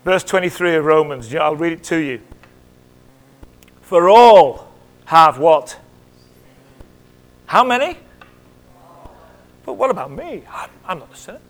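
A middle-aged male pastor preaching in church, swinging between loud exclamations and hushed whispers and asking the congregation questions. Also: fairly high pitch, animated, moderate pace, long pauses. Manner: conversational, asks the congregation questions. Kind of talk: sermon.

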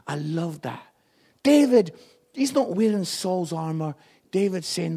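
A Scottish man preaching an evangelistic sermon, energetic and jokey with loud outbursts. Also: high-pitched, measured pace, vocal fry, breathy edge. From Scotland.

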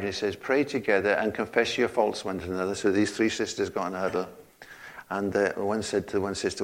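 A man's voice: lowish voice, level tone, a little fast. Man preaching a chatty, folksy sermon. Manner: conversational, asks rhetorical questions, repeats words. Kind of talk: informal sermon. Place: church.

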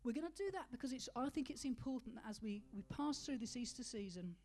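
A woman's voice: a little high, animated, darkish tone. Woman preaching a sermon. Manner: rhetorical questions, emphatic pauses on key words.

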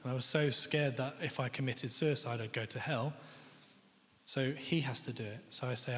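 A man's voice: mid-range voice, fairly even intonation, normal speed, pushed and bright, a little hiss or hum. A young man giving a candid, conversational personal testimony as a guest speaker in a church. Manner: candid, conversational, quotes others' words. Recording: long hall reverb.

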